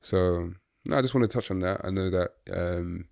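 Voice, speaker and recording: A man's voice: low voice, moderate pace, gravelly, a little mellow, smooth, dry recording, studio quality. A man co-hosting a football podcast, talking casually and a little hesitantly with fillers. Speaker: podcast co-host.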